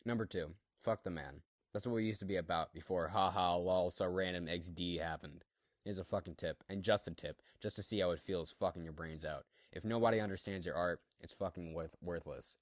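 A profane, preachy artist lays into his peers, voiced by a man reading a story aloud, in a very low, deep voice with a dry, scratchy throat. The delivery is crude and sermon-like, and the sound is close and dry, with no room echo. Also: brisk, close to an everyday voice. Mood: ranting. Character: ranting male artist addressing fellow artists.

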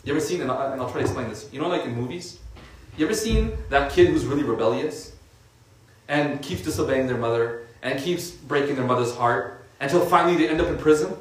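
This religious speaker talks fairly quickly in a mid-range voice, delivering a loose, chatty sermon peppered with fillers. The recording comes from a far-off mic in a room with echo.

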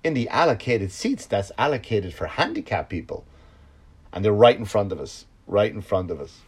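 A man, a comedian and podcast host, telling a story in a casual, profane monologue that swings from loud outbursts to low mutters. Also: sing-song, moderate pace, slightly rough.

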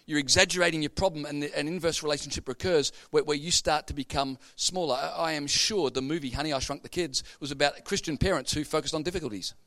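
A man preaching a sermon, an animated storyteller with comic punchlines. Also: on the high side, fast, few pauses, dry recording.

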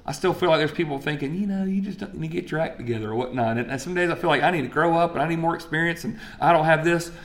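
A man, preaching a sermon in a conversational way and asking the crowd questions. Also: fairly high pitch. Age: 40s. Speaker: pastor.

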